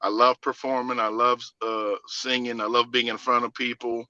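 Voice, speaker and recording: A man with a Southern US accent, a singer and producer, telling stories in a casual interview with lively laughs and many restarts. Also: mid-range voice, moderate pace, no echo, muffled recording.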